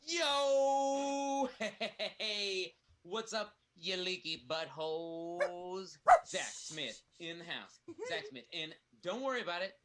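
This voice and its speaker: A man's voice: on the high side, big pitch swings, moderate pace, bright, forceful tone, a little hiss or hum, voice pushed up. A man playing a brash bro, Zach Smith. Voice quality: swaggering, rambling, riddled with "uh"s. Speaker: performer in a comedy play reading. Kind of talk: comedic character monologue.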